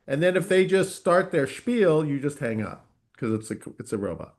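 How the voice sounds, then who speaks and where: A man's voice: a little high, very animated, moderate pace. A man on a video call giving confident, matter-of-fact advice. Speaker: participant.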